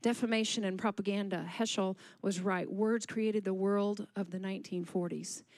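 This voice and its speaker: A woman's voice: mid-range voice, fairly even intonation, normal speed, darkish tone, no room sound. A woman preaching a sermon at a church service, asking the congregation questions and calling for responses.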